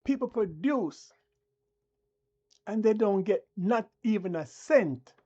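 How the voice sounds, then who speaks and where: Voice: medium pitch, lively intonation, slow pace, mellow, lo-fi sound. A channel host delivering a combative, preachy live-stream rant that talks down to the viewers.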